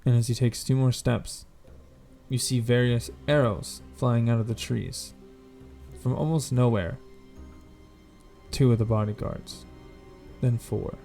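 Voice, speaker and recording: A man narrating a tabletop game as game master, painting each scene slowly with fillers and self-corrections. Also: medium pitch, fairly even intonation, creaky, dark tone, soft background music.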